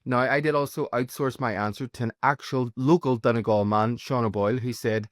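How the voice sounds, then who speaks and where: A man's voice: mid-range voice, steady tone, brisk, hardly any pauses, no echo, studio quality. A man with an Irish accent delivering a playful, mock news-style review as a guest correspondent. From Ireland. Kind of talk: recorded segment, jokey review.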